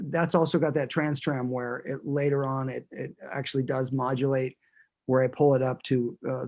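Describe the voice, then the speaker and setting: A man's voice: on the high side, a little mellow. A man who is a guest musician, chatting casually in an interview and talking in a rambling way, with many restarts.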